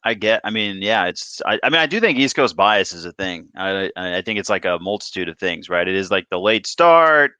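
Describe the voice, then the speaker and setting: Bright, crisp-voiced man chatting sports. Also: fairly low pitch, animated, fairly quick, few pauses, no echo. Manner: rambling, self-interrupting, restarts often. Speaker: podcast co-host. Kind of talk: casual sports chat.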